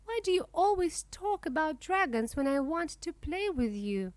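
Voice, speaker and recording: A woman's voice: sits high, sing-song, moderate pace, no room sound, pitched above the performer's own voice. A woman reading a children's storybook aloud, voicing a shy, touchy young girl ostrich in a plaintive, childlike way.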